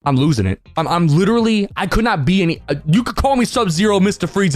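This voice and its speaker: Young man, storytime narration, animated, joking, very expressive pitch. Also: brisk, hardly any pauses. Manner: animated, joking, laughs through the telling. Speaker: storytime vlogger.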